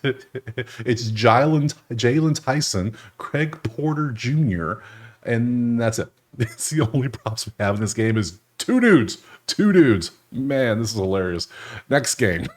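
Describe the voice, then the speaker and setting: A man with a fairly low voice hosts a sports betting channel in casual screen-share commentary. He talks loosely and jokes as he clicks through games. He chuckles often. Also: a little mellow.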